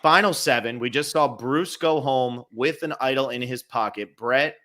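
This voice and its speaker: A man's voice: mid-range voice, moderate pace, a bit bright. A man hosting a podcast, conversational and explaining at length. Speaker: podcast host. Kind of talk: casual podcast chat.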